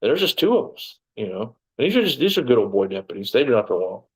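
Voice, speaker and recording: A man's voice: medium pitch, big pitch swings, quick pace, rough recording. A man from Texas, a former police officer telling his story in a casual interview, rambling and digressive with lots of "you know".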